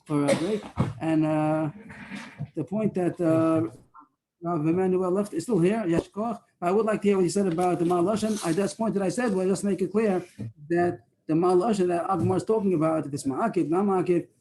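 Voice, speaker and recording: A man leading a Talmud study class over a video call, explaining in a rambling, halting way with many fillers and restarts. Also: high voice, noisy background.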